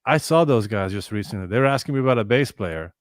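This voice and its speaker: A man telling a long story as a guest on a live chat show, animated and swearing freely as he acts out what people said. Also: fairly low pitch, fast, no echo, studio quality. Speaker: guest musician and former tour manager.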